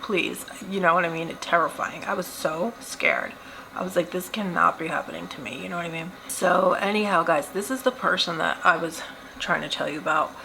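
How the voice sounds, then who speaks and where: Giggly chatty woman, bright voice. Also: fairly low pitch, moderate pace, creaky, a little hiss or hum, low-quality recording. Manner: chatty, giggly, animated retelling. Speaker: beauty vlogger. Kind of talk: casual storytime while doing makeup.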